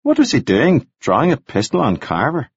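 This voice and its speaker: A man's voice: medium pitch, huge pitch swings, normal speed, breathy edge, no room sound, muffled recording, pitched above the performer's own voice, heavily acted. A man voicing a polite, careful male chaplain who sounds uncertain and earnest in a storybook reading. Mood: bewildered.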